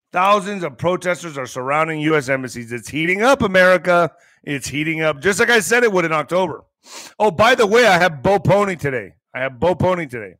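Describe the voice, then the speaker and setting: Middle-aged male podcast host with a slightly higher voice: sarcastic, emphatic rant, dry close sound. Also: sharp tone, no room sound. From US border region. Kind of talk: ranting commentary reading news.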